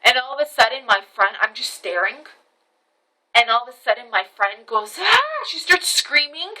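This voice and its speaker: Bright-voiced woman telling a story on her phone. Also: a little high, moderate pace, low-quality recording. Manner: animated retelling with many restarts and repetitions, swearing. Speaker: vlogger. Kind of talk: casual storytelling vlog. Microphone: camera phone.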